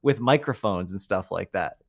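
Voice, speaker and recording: Male podcast co-host, teasing and quick to laugh, animated melody. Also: sits low, creaky. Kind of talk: casual podcast chat.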